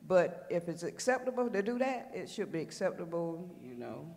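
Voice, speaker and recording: Congregant, male, high pitch, earnest, emphatic, church reverb. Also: sing-song, moderate pace, gravelly, a little mellow. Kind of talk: testimony in Bible study. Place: church sanctuary.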